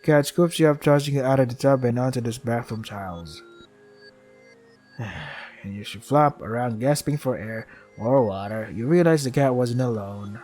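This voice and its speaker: Deadpan man reading a visual novel aloud. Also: moderate pace, soft background music. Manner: deadpan, sarcastic muttered asides between read lines; sighs often, asides drop soft and low. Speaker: let's play gamer.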